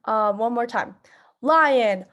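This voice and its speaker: A woman leading a theatre warm-up lesson, giving friendly instructions with frequent "um"s and breaking into loud demonstration sounds. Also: fairly high pitch, expressive, takes it slowly, dull audio. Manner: instructive, filler-heavy, with loud vocal demonstrations. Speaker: drama teacher.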